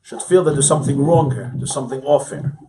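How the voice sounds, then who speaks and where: A rabbi teaching a Talmud class in a study hall, conversational, asking rhetorical questions and chuckling often. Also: male voice, mid-range voice, fast talker, dark tone. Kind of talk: informal study-hall lecture.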